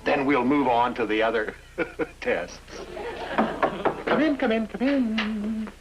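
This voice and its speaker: An actor in a 1960s sitcom playing a pompous, blustering naval commander. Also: male voice, a little high, huge pitch swings, takes it slowly, highs cut off, loud music behind the voice, heavily acted. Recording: very noisy old TV soundtrack.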